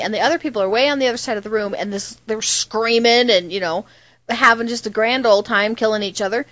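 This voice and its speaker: A woman in a casual chat, telling an animated story from her workplace. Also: on the high side, dry recording. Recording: dry, dull lo-fi sound.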